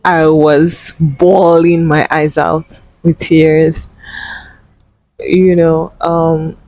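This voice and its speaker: A woman's voice: low voice, flat delivery, very slow, a little mellow, no room sound, poor audio. A young woman vlogger telling a personal story in an emotional, earnest way, with many fillers.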